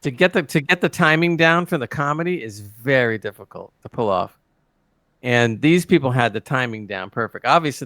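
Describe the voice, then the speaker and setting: A man co-hosting a TV review chat, animated and acting out scenes in quoted voices. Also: medium pitch, dry recording. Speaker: co-host reviewing a TV episode. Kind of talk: casual chat.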